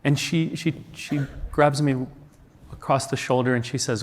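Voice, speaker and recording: A man's voice: medium pitch, fairly even intonation, a little slow, a little hiss or hum. A man from the United States telling a personal story on stage at a conference, earnest and reflective, with many rhetorical questions. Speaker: conference speaker. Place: large conference hall. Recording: long hall reverb.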